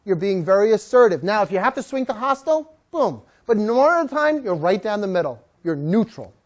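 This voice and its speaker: Animated woman dog trainer with a lively pitch. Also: a little fast. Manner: animated, jokey, acts out voices of people and dogs. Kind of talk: live talk to an audience.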